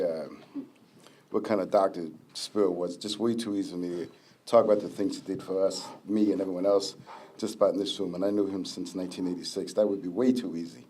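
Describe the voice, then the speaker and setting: A man giving a lively, anecdotal speech at a memorial plaque unveiling. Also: low-pitched. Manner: lively anecdotal storyteller, acts out quotes loudly. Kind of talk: storytelling speech to an audience.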